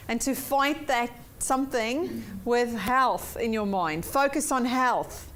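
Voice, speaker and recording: A woman's voice: sits high, unhurried. A woman teaching a weekly personal development workshop, upbeat and repeating points for emphasis while checking in with her class.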